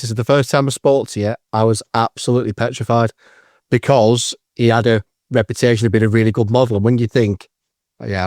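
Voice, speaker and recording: A man's voice: medium pitch, dry recording, clean studio sound. A man talking in an earnest, reflective and modest way as a podcast co-host. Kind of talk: casual podcast chat.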